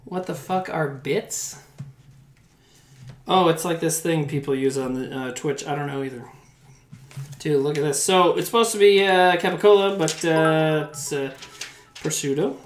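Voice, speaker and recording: A man's voice: fairly high pitch, a little slow, pauses often, faint music behind. A man streaming live while cooking in his home kitchen, rambling, swearing now and then, and chatting with his viewers. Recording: roomy kitchen with faint background noise.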